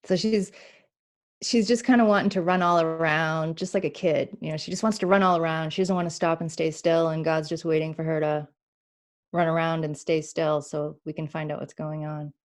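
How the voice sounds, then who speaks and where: A woman healer giving a spiritual reading on a talk show, speaking in an animated way, acting out inner voices and laughing often. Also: low-pitched, moderate pace.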